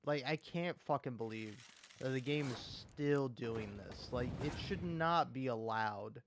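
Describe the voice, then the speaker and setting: A man's voice: mid-range voice, measured pace, background noise. A man in an angry gaming rant, swearing often and repeating himself in exasperation. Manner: profane, repetitive, exasperated ranting. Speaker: gaming video creator.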